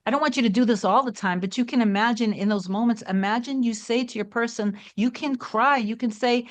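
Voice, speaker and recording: A woman giving a casual, reassuring coaching talk straight to her viewers, full of asides and gentle encouragement. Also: a little high, a little fast, hardly any pauses. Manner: warm, reassuring, conversational with many asides. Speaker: manifestation coach. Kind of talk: casual coaching monologue to camera.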